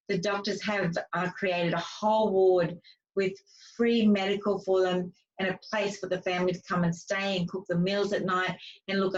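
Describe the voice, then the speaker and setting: Woman author chatting, lots of ums, sounds far off and kinda muffled. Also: on the low side. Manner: chatty, many fillers and restarts. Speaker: guest author and speaker. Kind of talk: casual interview storytelling. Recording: distant, dull lo-fi sound.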